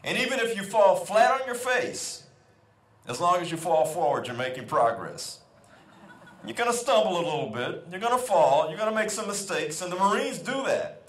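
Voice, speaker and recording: A man's voice: high-pitched, lively intonation, moderate pace. A middle-aged man giving an emphatic motivational speech at an outdoor school ceremony, repeating his key phrases. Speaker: guest convocation speaker. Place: outdoor quad. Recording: echoey outdoor PA sound.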